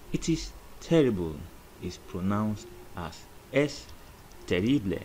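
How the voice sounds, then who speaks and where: Low-voiced man teaching a language lesson. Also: darkish tone, slight background noise, low-quality recording. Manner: deliberate, repeats example words slowly.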